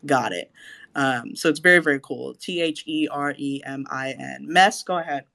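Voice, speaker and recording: A woman co-hosting a podcast in casual chat, animated and cursing, acting out her own reactions. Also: deep voice, normal speed, creaky. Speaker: podcast co-host.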